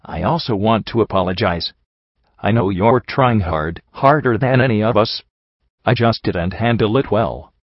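A man's voice: on the low side, unhurried, no echo, muffled recording. A man voicing a sardonic young male pony soldier with a cold, who makes crude jokes and grumbles. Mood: apologetic. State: stuffy nose from a cold.

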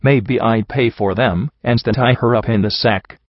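A man's voice: mid-range voice, normal speed, no echo, lightly acted. Man reading as a brash young pony mare. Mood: eager. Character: young female pony adventurer, eager and brash. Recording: dull lo-fi dry recording.

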